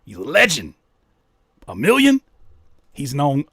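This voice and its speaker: A man hosting a casual reaction commentary, talking in an animated, incredulous way that jumps high when he is baffled. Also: unhurried, husky, no room sound, clean studio sound. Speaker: reaction video host.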